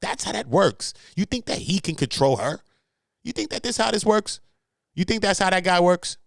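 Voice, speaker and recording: A man's voice: sits high, very animated, normal speed, creaky, a bit bright, no echo, studio quality. Brash swearing male commentary host. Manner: brash, swearing, laughing, slangy. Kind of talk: casual commentary.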